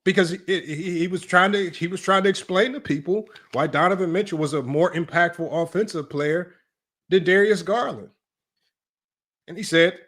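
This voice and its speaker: A man with a fairly high voice runs a live basketball stream. He argues his point emphatically, circling back and checking in with his chat. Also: moderate pace, fairly bright tone. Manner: emphatic and repetitive, often asks "right?" and addresses "y'all"; argumentative, talks straight to his live chat. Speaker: sports analytics streamer.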